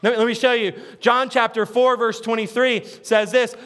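Male pastor, sermon; very high voice, playful, talks straight to the congregation. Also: flat delivery, normal speed, a bit bright. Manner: playful, chatty, keeps checking in with the audience; repeats words and restarts often.

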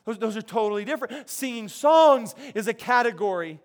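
Here a pastor with a very high voice preaches briskly, his intonation lively. His delivery is conversational, full of repeated words and restarted sentences.

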